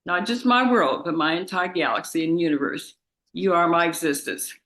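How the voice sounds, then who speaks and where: A woman of about twenty reads her victim impact statement in court, grief-stricken and tearful, halting and restarting as she speaks of her father. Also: fairly low pitch, a bit bright, poor audio.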